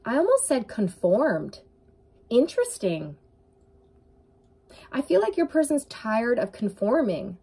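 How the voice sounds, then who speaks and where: A woman's voice: on the high side, very animated, measured pace, mellow, slightly rough. Earnest woman giving a tarot reading. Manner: earnest, intuitive, talks straight to the viewer. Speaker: tarot reader.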